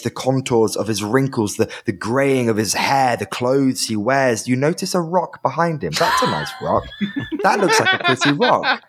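A game master narrating a tabletop game in a lively, playful way. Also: medium pitch.

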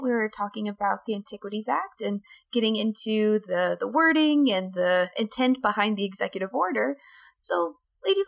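A woman hosting a podcast, steadily moderating the discussion and giving informative details. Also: on the high side. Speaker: podcast host.

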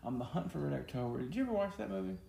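A man with a gravelly, dark voice co-hosts a relaxed chat, full of jokes and teasing asides. The room is echoey, with a faint hiss behind him. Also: on the high side, racing. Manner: joking, teasing, Southern "y'all". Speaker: podcast co-host. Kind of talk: casual chat.

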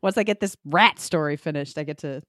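A woman's voice: sits low, fairly quick, dry recording, studio quality. A woman author, a guest on a podcast, chatting casually and telling stories with frequent laughter. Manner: laughs often, animated storytelling. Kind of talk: casual interview chat.

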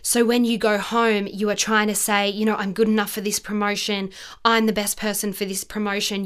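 A woman hosting a podcast, talking casually and earnestly about self-worth and acting out quoted self-talk. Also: medium pitch. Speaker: podcast host. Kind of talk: casual motivational monologue.

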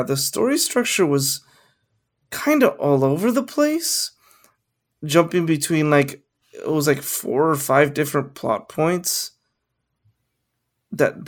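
A man co-hosting a casual movie review podcast, rambling with lots of fillers and the odd swear. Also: a little high. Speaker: podcast co-host.

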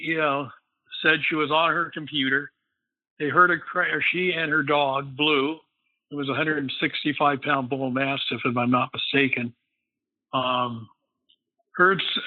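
A man's voice: fairly high pitch, no echo. A man, a guest, casually telling a long story in a rambling way, filled with "you know.". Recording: phone-like line, dry.

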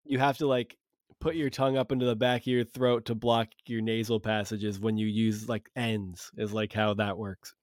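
A man's voice: on the low side, level tone, moderate pace, no room sound, clean studio sound. A man co-hosting a comedy podcast, chatting casually, rambling and joking. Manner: jokey, rambling, does mocking voices. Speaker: podcast co-host.

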